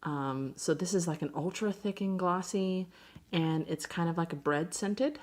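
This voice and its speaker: A woman's voice: lowish voice, unhurried. A woman chatting casually and gushing as she reviews slime. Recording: slime crinkling and clicking sounds.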